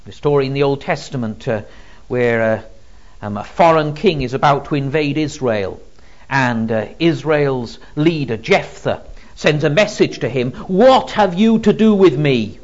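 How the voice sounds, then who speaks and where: A man preaching an expository Bible teaching, emphatic and expressive, with frequent ums. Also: mid-range voice, unhurried, muffled recording.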